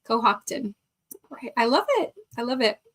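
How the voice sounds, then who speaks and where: A woman's voice: fairly high pitch, normal speed, fairly bright tone. A middle-aged woman hosting a live stream, chatting casually, reading viewer comments aloud and laughing often. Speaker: livestream host.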